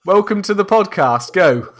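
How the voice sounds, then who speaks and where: High-pitched and a bit bright, this young adult speaks at a normal speed with lively intonation. As a podcast co-host on a video call, he keeps the casual chat full of jokes, banter, and frequent laughter.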